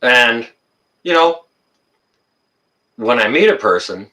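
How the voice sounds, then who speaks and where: A man's voice: mid-range voice, animated, slow pace, bright, forceful tone, far from the mic. A man hosting a casual livestream, reading viewer comments and ranting, getting worked up and then apologizing.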